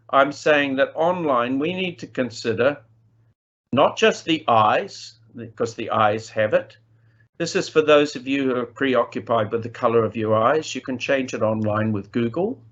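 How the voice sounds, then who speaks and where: Emphatic man lecturing, dull lo-fi sound. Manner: emphatic, with sharp shifts in pitch and pace; playful asides. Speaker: plenary speaker on language teaching. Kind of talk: conference lecture.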